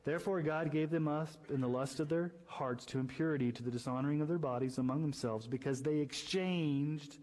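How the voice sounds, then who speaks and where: A man preaching from the pulpit in a passionate sermon voice. He reads scripture aloud and swings up sharply in pitch and volume to hammer home his points, then drops back to a steady mid-range tone. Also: low-quality recording. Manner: impassioned preaching, climbs high and loud when stressing points. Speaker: pastor.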